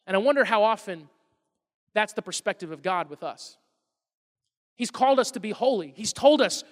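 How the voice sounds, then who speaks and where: A middle-aged pastor preaches a sermon in a church hall, starting conversationally and then building to emphatic bursts. His high voice is animated, a bit bright and a little fast. It's a live sermon carrying long hall reverb.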